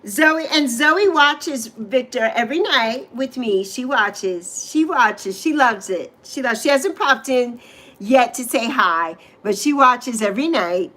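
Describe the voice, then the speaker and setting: Woman, high-pitched, middle-aged, from the Virgin Islands, rambling livestream host, greets chat by name. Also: animated, unhurried, bright, forceful tone, low-quality recording.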